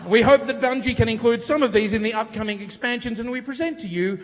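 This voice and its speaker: A man's voice: very high voice, fast talker. Jokey Australian man on a panel stage. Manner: jokey, laughing often, does broad Aussie slang bits. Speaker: convention panel host. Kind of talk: comedic live panel banter. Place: convention hall stage. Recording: live hall with long reverb.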